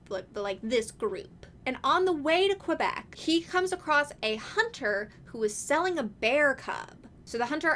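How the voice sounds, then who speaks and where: A woman's voice: on the high side, pushed and bright, slight background noise. A woman hosting a casual video essay, talking in a chatty, wry way with lots of casual fillers.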